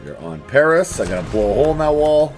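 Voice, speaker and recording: Talking straight to the on-screen enemies, this animated let's play host keeps up chatty, casual commentary on a strategy game. He speaks at a quick pace in a slightly high voice over soft background music.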